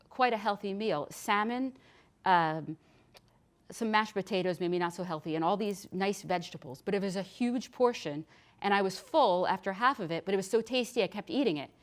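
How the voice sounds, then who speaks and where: Middle-aged lady nurse giving a health talk, chatty and down to earth, lots of restarts. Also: medium pitch. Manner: chatty and practical, with frequent restarts. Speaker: nurse practitioner. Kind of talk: health lecture. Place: hospital lecture room.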